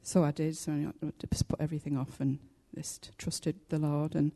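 Older woman with a low, mellow voice. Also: flat delivery. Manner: halting and heartfelt, many pauses and fillers. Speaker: church member giving testimony. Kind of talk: personal testimony to a congregation.

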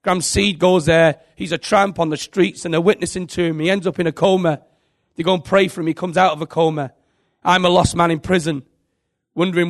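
A man's voice: fairly high pitch, fairly even intonation, a little fast. A man preaching a sermon, telling an earnest and emotional testimony.

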